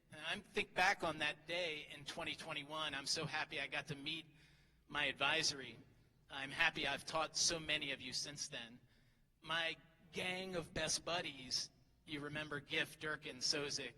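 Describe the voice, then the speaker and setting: This middle-aged teacher has a sharp voice on the high side as he offers a graduation speech loaded with teasing, self-mocking jokes through a podium microphone. The setting is a large hall at a graduation ceremony, captured with hall reverb and faint crowd ambience.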